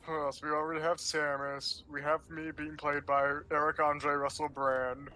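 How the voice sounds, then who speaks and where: A man's voice: on the high side, little pitch movement, normal speed, sharp tone. A man chatting casually with friends on a game stream, hesitant and stammering. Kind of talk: casual gaming chat.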